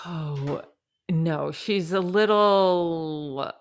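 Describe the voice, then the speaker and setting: A woman co-hosting a podcast, chatting casually about a reality show with quick jokey asides and frequent laughter. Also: low voice. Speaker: podcast co-host.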